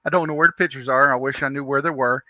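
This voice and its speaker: A man telling a long rambling story in a casual chat, with frequent restarts and lively asides. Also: medium pitch, fast talker, no room sound.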